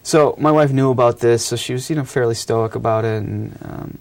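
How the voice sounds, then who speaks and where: A man's voice: mid-range voice, brisk, vocal fry, a little mellow. A man in his thirties speaking as a youth ministry speaker, telling stories in an earnest, reflective way with frequent hesitations and fillers. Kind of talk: reflective storytelling talk.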